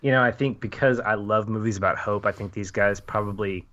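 Earnest low-voiced man talking movies. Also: fairly even intonation, a little fast, fairly bright tone, highs cut off. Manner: earnest, laughs easily, repeats words. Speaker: podcast panelist. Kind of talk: casual film discussion.

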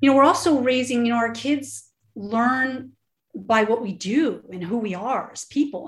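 A woman in her thirties talks earnestly as a podcast guest, encouraging and quick to laugh. Her voice sits fairly high, and an echoey room surrounds her. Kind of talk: casual interview talk. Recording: roomy echo.

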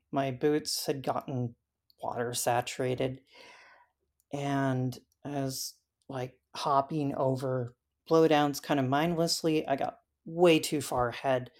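Woman, low pitch, unhurried, casual interview storytelling, halting with fillers. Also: fairly even intonation, a little mellow. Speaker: interview guest recounting a hike.

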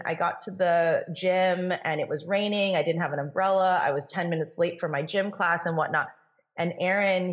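Energetic woman author, dull lo-fi audio. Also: lowish voice. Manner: energetic, coaching tone, acts out quoted voices. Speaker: podcast guest, author. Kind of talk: conversational podcast interview.

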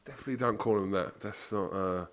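A man's voice: fairly low pitch, quick pace, fairly bright tone, clear, resonant tone. A young English man hosting a casual chat, patiently and earnestly explaining things. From England.

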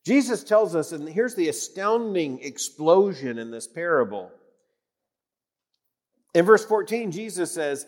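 A man preaching an emphatic sermon in a church, repeating phrases for weight and swinging from loud declarations to hushed tones. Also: on the high side, sing-song, a little slow. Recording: long reverb of a church hall.

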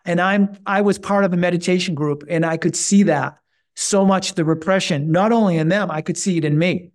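Animated, emphatic man telling stories. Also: fairly quick. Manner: animated storyteller, voice jumps high when recounting; emphatic, repeats himself while thinking. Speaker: podcast guest. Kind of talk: conversational interview.

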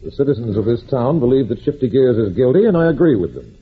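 A man's voice: medium pitch, very animated, fast talker, slightly rough. An actor playing a smug, pushy male district attorney in a 1940s radio drama, curt and self-assured. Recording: tinny old radio broadcast.

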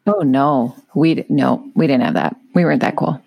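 Gravelly woman co-host. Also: extremely low pitch, normal speed, dry recording, muffled recording. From Minnesota. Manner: teasing, joking. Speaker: podcast co-host. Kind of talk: casual chat.

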